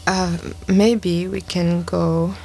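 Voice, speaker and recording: A woman hosting a radio show, chatting in a slow, thoughtful, hesitant way. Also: lowish voice, level tone, gravelly, warm tone, a little hiss or hum, poor audio. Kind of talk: casual chat.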